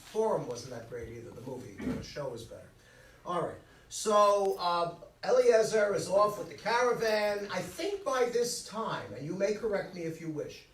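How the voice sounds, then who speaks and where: A high-pitched man delivers a joking, chatty sermon as a rabbi, throwing quick asides to his congregation. He sounds set back from the microphone, his voice ringing through a reverberant sanctuary. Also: a bit bright, slight background noise. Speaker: rabbi leading Friday night services. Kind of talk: humorous conversational sermon. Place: synagogue sanctuary. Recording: echoey hall, mic at a distance.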